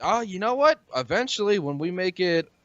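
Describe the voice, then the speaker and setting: A man's voice: high-pitched, very animated, moderate pace, fairly bright tone, no echo, muffled recording. A man co-hosting a casual podcast, joking and rambling with frequent swearing. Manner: jokey, rambling, swears freely. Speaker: podcast co-host. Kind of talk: casual chat.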